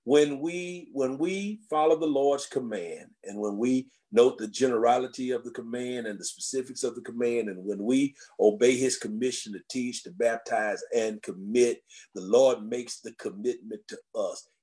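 A man preaching a sermon as senior pastor of a church, speaking with a rising, whooping cadence with drawn-out phrases. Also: mid-range voice, dark tone. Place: church sanctuary.

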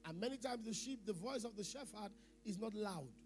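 A middle-aged man preaching a sermon as pastor, asking the congregation questions, repeating phrases, and swinging between loud emphasis and quiet asides. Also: sits high, expressive, a little fast, faint music behind.

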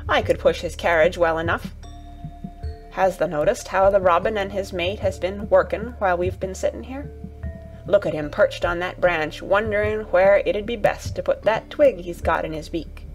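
A woman voicing a gentle, earnest farm boy in an audiobook reading, speaking in broad dialect over faint music. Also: lowish voice, normal speed, lightly acted. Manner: broad dialect, warm and coaxing.

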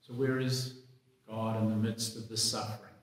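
A man, a priest, reading the gospel and preaching a sermon in a slow, measured, reflective way. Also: lowish voice, flat delivery. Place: church. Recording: echoey church hall.

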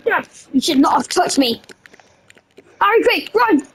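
A woman hosting a gaming video, giving excitable gameplay commentary full of playful yelling and teasing. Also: very high voice, a little slow, slight background noise.

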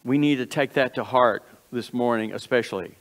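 Folksy pastor guy preaching, mid pitch, lots of echo from the church hall. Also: normal speed. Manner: earnest, folksy preaching with repeated phrases and self-corrections. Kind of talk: sermon. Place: church sanctuary.

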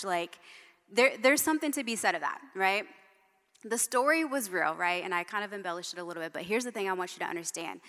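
In a church hall with long reverb, a middle-aged woman preaches in a mid-range voice that sounds pushed and bright. Her sermon is conversational, built on personal stories and frequent "right?" asides.

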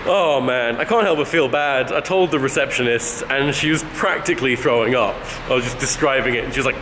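A man's voice: medium pitch, expressive, brisk, few pauses, fairly bright tone, a little hiss or hum. A man casually vlogging to camera, rambling with lots of restarts. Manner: chatty, rambling with frequent restarts. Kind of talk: casual vlog.

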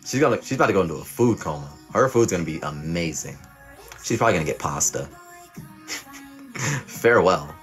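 A man's voice: low-pitched, expressive, fairly quick, long pauses, fairly bright tone, faint music behind. A young man hosting a livestream, playing a mock teacher who reads chat and hands out teasing, profane pass-or-fail verdicts. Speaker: livestream host. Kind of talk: playful mock teacher reading live chat.

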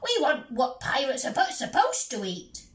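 A woman voicing a bossy, loud male pirate chief in a storybook reading, barking orders. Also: high-pitched, huge pitch swings, normal speed. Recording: echoey room.

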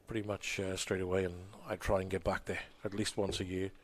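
A man's voice: deep voice, flat delivery, fairly quick, a little hiss or hum. Welsh-Australian man in darts commentary. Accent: Welsh-Australian blend. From Wales. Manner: friendly, reminiscing banter. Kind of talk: live sports commentary.

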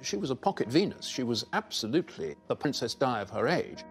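A man in a documentary interview gives confident, emphatic opinions. His voice sits at a middle pitch. Soft music plays underneath. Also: very animated, brisk, gravelly.

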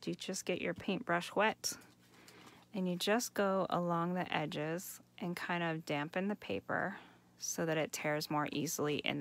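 A woman's voice: lowish voice, creaky, a bit bright. A woman hosting a live craft demonstration, chatty and enthusiastic, talking to viewers as you guys. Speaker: craft host. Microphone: home setup for a live stream.

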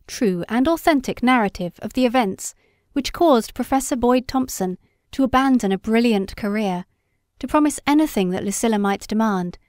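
A woman reading a story aloud as an audiobook narrator, in a measured, unhurried way. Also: a little high, a little mellow, no echo, studio quality. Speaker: audiobook reader. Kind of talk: scripted narration.

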